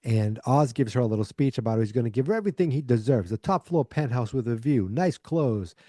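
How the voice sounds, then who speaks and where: Mellow-voiced man rambling through a recap. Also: mid-range voice, lively intonation, a little fast, no room sound, clean studio sound. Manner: rambling, filler-heavy retelling. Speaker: podcast host. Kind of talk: casual episode recap.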